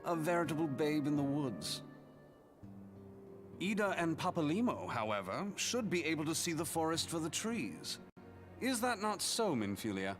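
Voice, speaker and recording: Polite wry young adventurer from a game, bouncy lively voice, game music clearly there. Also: male voice, fairly high pitch, moderate pace. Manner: polite, wry, formal phrasing. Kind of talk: video game voice acting.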